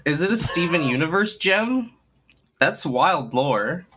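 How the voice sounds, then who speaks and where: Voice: mid-range voice, sing-song, slow, over a noisy crowd. A podcast co-host bantering playfully about nerdy crossovers. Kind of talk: casual chat.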